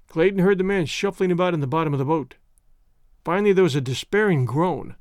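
A man hosting an audio story show and narrating it in a steady, measured way. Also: fairly high pitch, no room sound, clean studio sound. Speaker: audio story host and reader. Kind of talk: scripted narration.

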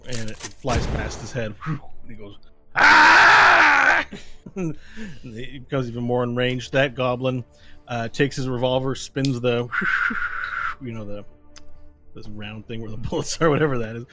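A man's voice: medium pitch, fairly even intonation, normal speed, loud music behind the voice. A man running a tabletop game as game master, narrating the action vividly and throwing in playful sound effects.

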